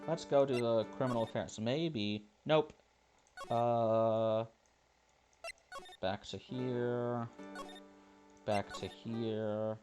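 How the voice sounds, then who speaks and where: A let's play host with a medium-pitched, darkish voice speaks very slowly and steadily, leaving long pauses. Over game music, he casually comments, jokes, and reads lines aloud, voicing the game's characters.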